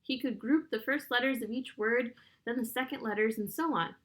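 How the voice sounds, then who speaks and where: Lady narrating a kids book, kinda high voice, steady and clear. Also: normal speed. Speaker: audiobook narrator. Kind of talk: reading a children's novel aloud.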